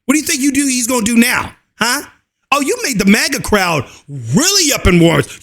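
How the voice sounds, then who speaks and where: Ranting male commentator, very high and bright voice, shouty and crude. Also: very animated, moderate pace. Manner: loud, fired up, drawling and crude. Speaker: political commentary host.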